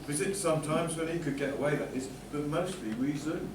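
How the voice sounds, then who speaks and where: A man with a fairly high voice plays a bumbling genie in a homemade panto skit and grumbles indignantly. He is recorded from across an echoey room. Background noise runs under him. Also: brisk. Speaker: panto performer playing a genie. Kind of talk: amateur panto comedy. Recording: echoey room, far from mic, noisy.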